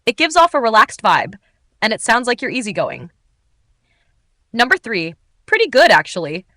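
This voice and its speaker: Bright, lively woman teaching English. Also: fairly high pitch, normal speed, dry recording. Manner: upbeat, clearly articulated, expressive. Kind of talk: scripted lesson narration.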